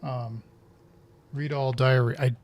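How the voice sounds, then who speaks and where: A man's voice: mid-range voice, fairly even intonation, slow, darkish tone. A man giving casual let's-play commentary on a horror video game, thinking aloud and muttering as he reads in-game notes. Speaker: gamer playing through a horror video game.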